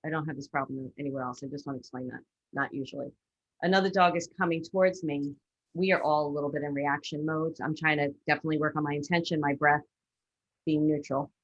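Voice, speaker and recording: A woman from Brooklyn asking a dog trainer for advice in quick, rambling bursts over a video call. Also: low-pitched, steady tone, muffled recording. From Brooklyn, New York. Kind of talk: casual questions on a video call.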